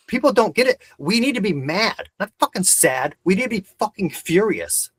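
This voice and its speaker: A man's voice: sits high, very animated, normal speed, few pauses, husky, no room sound. A man hosting a video call discussion, talking intensely and ranting with heavy swearing. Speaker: host of the discussion.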